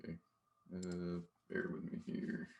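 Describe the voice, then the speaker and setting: A man's voice: low voice, completely flat delivery, unhurried, gravelly. A man reading his comics aloud in an offhand way over a video call. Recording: dull lo-fi call audio.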